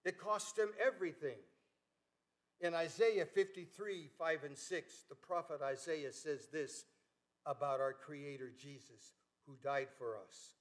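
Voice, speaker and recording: An older man, a pastor, preaching a sermon in a church, earnest and emphatic, rising on key words and dropping low at the ends of phrases. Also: unhurried. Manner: earnest preaching with emphatic rises and soft drops. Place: church sanctuary.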